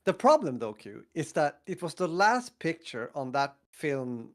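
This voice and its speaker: A man in his fifties from northern Sweden with a Swedish accent, telling stories in a casual podcast chat, acting out quotes and laughing often. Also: measured pace. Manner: animated, acts out quotes with big pitch jumps, laughs often. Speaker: podcast co-host.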